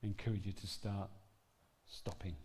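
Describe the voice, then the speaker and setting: A man's voice: sits low, level tone, measured pace, a little mellow, slightly rough, in a large hall. A man preaching a sermon in an earnest, conversational storytelling manner. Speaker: pastor.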